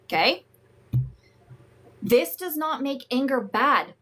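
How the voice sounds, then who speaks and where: Frank, unhurried woman coach. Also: sits high, very animated. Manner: frank, emphatic, profane, greets viewers warmly. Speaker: host and emotional wellness coach. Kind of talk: live-streamed teaching talk.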